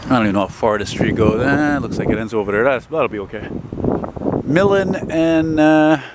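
A man's voice: medium pitch, lively intonation, moderate pace. Rambling man on a noisy street. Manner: rambling, chatty, swears casually. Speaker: vlogger. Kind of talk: casual walking commentary. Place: outdoors on a busy residential city street. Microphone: handheld camera while walking. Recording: noisy outdoor street recording. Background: passing traffic.

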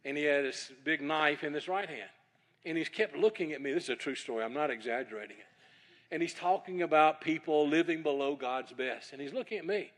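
A middle-aged male preacher speaking at a church evening service. He tells a funny anecdote as a lively storyteller and keeps insisting that it is a true story. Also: fairly high pitch, a little fast.

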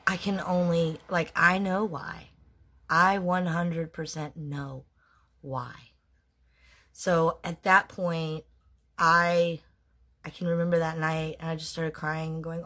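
A woman in her forties with a somewhat low-pitched voice talks straight to the camera in a candid storytime vlog. She is blunt and swears freely, and her telling stays emotionally raw throughout. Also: little pitch movement, slow pace, sharp tone.

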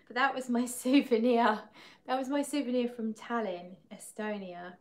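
A woman's voice: a little high, a little slow. A woman chats casually on a livestream, laughing often and reading viewers' comments aloud. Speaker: fragrance livestream host.

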